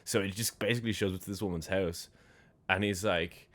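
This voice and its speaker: A man with a low voice talks through a film review in a casual, sarcastic way. He acts out characters' lines in quick put-on voices and laughs often between them. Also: fairly even intonation, fairly bright tone. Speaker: film podcast co-host.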